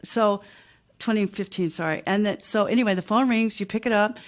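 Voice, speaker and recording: A woman's voice: medium pitch, fairly quick. A middle-aged woman, a podcast guest, telling stories in casual chat and acting out phone calls in voices.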